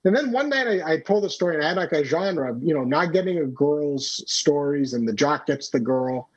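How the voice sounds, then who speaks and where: Husky, rambling man on a podcast. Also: a little high, animated, fairly quick. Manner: rambling, many fillers and restarts. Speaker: storyteller and comedian, podcast guest. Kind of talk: casual conversational interview. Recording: dull lo-fi podcast audio.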